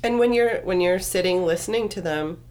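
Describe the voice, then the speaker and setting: Calm woman explaining parenting tips. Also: on the low side, brisk. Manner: calm, explanatory, finishes others' points. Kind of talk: casual advice chat.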